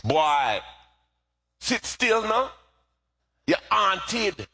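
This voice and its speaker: A man's voice: high-pitched, big pitch swings, very slow, sharp tone, husky, pitched above the performer's own voice, full character voice. A man doing his scolding Jamaican mother. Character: scolding Jamaican mother, middle-aged woman.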